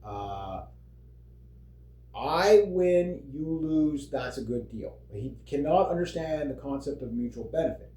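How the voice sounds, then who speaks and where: This man, a vlogger from Canada, delivers a casual political rant full of rambling, profanity, fillers, and frequent laughs. He speaks slowly in a slightly high, mellow voice with lively intonation, and the room audibly echoes.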